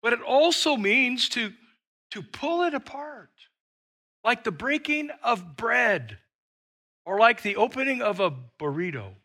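An older man, a pastor, preaching a sermon with humor, shouting quoted lines and then dropping to a hush. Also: very high voice, very animated, a little slow. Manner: storytelling with humor.

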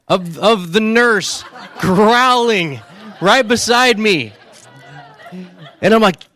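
A man delivering a lighthearted sermon with a noticeably high-pitched voice. He tells comic stories and keeps checking in with the congregation. The sound is dry, with no room echo. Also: takes it slowly, pauses often, fairly bright tone. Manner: joking storyteller who keeps asking the crowd "right?". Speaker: pastor. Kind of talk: humorous sermon.

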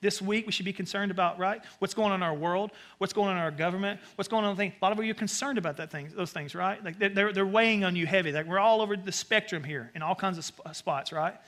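A man with a Southern US accent, preaching a conversational sermon with sudden animated asides. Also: high-pitched, fast talker, hardly any pauses. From American South. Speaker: pastor.

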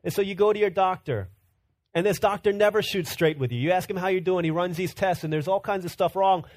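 Pastor guy preaching, pretty high voice, earnest, repeats himself when he gets going. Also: a little fast, darkish tone. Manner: earnest, repeats words when building a point. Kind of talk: sermon.

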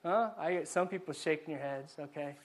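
A man giving a conversational sermon to a live congregation, animated and questioning the audience, often stumbling and repeating words. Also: a little high, a little fast. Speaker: pastor. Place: church before a live congregation.

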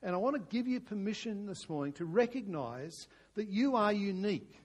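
Pastor with a lightly raised voice. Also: male voice, sits high, lively intonation, fairly quick. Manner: conversational, with frequent restarts, dropping to a hushed prayerful tone. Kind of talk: sermon.

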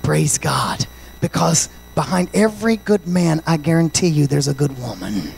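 A male pastor preaching a sermon, swinging from shouted, sing-song passages to quiet, confiding stories and dropping in "amen" and "praise God" often. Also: fairly high pitch, expressive, moderate pace, vocal fry, slightly rough, low-quality recording.

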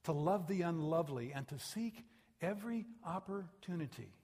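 This pastor's voice sits fairly high and has a breathy quality, moving at an ordinary speed. Preaching from a church sanctuary, he brings his sermon stories to life by animatedly playing the people in them.

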